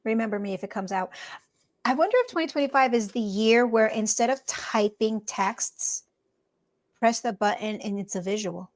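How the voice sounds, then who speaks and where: A woman co-hosting a podcast, talking in a blunt, emphatic and animated way. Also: fairly high pitch, moderate pace. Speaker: podcast co-host. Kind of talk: casual chat.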